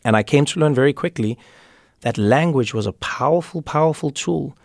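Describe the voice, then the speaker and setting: A man's voice: mid-range voice, normal speed, vocal fry, dry recording, studio quality. A man from Africa, speaking thoughtfully as an interview guest and repeating words as he builds a point. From South Africa. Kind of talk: conversational interview.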